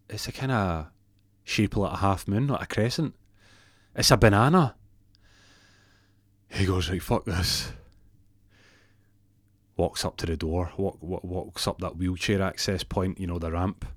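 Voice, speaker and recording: A man's voice: low-pitched, unhurried, pauses often, no room sound. A man with a Scottish accent telling a comic story in a rambling, profane, self-interrupting way.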